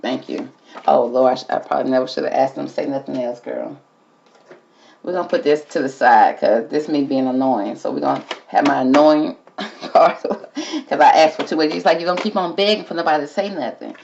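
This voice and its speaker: A woman's voice: low voice, fairly quick, vocal fry, a little mellow, dull audio, slight background noise. A woman hosting a casual tarot reading, talking to the cards and calling everyone "girl". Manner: chatty, talks to the cards and calls everyone girl. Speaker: tarot reader host.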